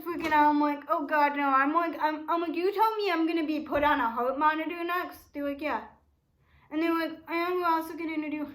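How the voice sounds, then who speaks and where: A young woman vlogging a life update at home, rambling and quoting herself and others over and over. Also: sits high. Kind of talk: casual life update vlog. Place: room at home with door shut.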